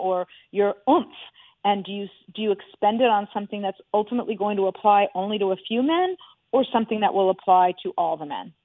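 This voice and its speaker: A woman's voice: mid-range voice, dry recording. A middle-aged woman speaking as a guest analyst on a radio talk show, emphatic and repeating words for stress. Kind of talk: radio show phone interview. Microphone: phone line into radio studio. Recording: tinny phone line.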